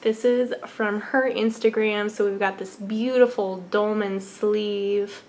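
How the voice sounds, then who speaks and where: A young woman talks slowly and unhurriedly, gushing over her finds in a casual show-and-tell chat, now and then slipping into a soft whisper. Her voice sits at an ordinary pitch, with a faint hum of room ambience behind her. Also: steady tone. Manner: gushing and enthusiastic, drops into whispers. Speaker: knitting podcast host.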